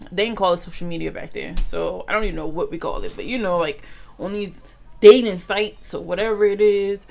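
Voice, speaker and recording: Woman vlogger in a casual storytime, gravelly fry in her voice, lively and slangy with viewers. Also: fairly low pitch, brisk. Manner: animated, slangy, addresses viewers as y'all.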